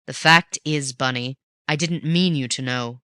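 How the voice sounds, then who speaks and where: A reader voicing a cool, mocking gentleman thief who talks low and forcefully, in an audiobook reading. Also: a little slow, clear, resonant tone, dry recording, studio quality. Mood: wry. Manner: snarling and teasing by turns.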